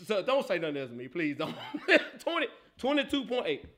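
A man's voice: high voice, fairly quick. A man hosting a casual sports talk show, laughing often and teasing. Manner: laughs a lot, animated and teasing.

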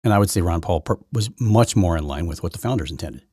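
A man's voice: low-pitched, expressive, fast, dark tone, breathy edge, no echo, clean studio sound. A man hosting his own podcast, giving rambling, opinionated solo commentary full of restarts and repeated words. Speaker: podcast host.

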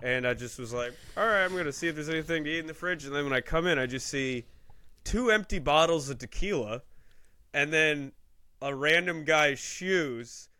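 A young man with a bright, slightly high voice, chatting loosely on a comedy podcast. He laughs a lot and leaps up in pitch whenever he acts out what someone said. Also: moderate pace, clean tone. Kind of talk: casual comedic chat.

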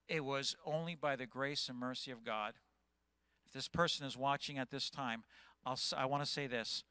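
Impassioned bright-voiced pastor in his fifties. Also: on the high side, steady tone, moderate pace, clear, resonant tone, no room sound. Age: 50s. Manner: impassioned, agitated preaching. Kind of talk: sermon.

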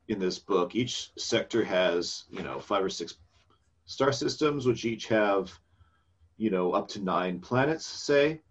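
A man's voice: fairly low pitch, muffled recording. A man co-hosting a podcast, recapping a game session in casual, rambling chat that trails off into fillers.

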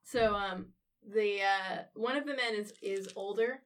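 A woman's voice: mid-range voice, unhurried. Woman running a tabletop game, a bit far off. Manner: conversational, hesitant, breaks into character voices. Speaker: game master. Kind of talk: narrating and voicing characters in a tabletop game.

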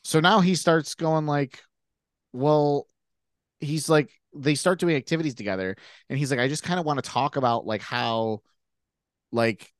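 Animated Canadian man retelling a story. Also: on the high side, moderate pace, no room sound, clean studio sound. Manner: animated storyteller, acts out quotes, swears freely. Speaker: podcast co-host. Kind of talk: casual chat, retelling a reality show.

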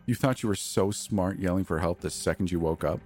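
Man reading a harsh, snarling young thug, very deep voice. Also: fairly quick, a little mellow, faint music behind, close to an everyday voice.

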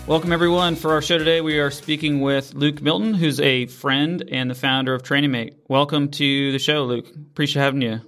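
A man's voice: fairly high pitch, fairly even intonation, brisk, hardly any pauses, fairly bright tone, faint music behind. A man hosting a business podcast, welcoming his guest and asking loose, friendly questions. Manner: friendly, asks rambling questions with "you know". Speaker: podcast host.

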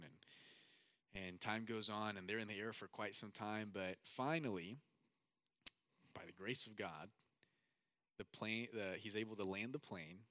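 A man's voice: fairly low pitch, bright, forceful tone, no echo. A man casually retelling an anecdote, chatty and full of slang and fillers. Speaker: storyteller.

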